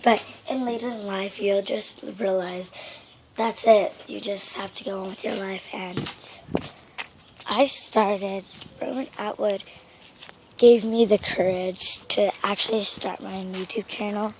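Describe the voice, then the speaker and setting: A woman talking casually to her camera as a vlogger, hoarse from a sore throat, rambling and halting with many restarts. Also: mid-range voice, fairly even intonation, a little mellow, slight background noise, poor audio. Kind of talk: casual vlog talk to camera.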